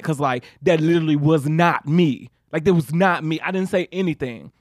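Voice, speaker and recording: A man co-hosting a podcast, telling animated stories in casual chat, swearing freely and jumping his voice up when he acts out scenes. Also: fairly high pitch, moderate pace, no echo, clean studio sound. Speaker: podcast co-host.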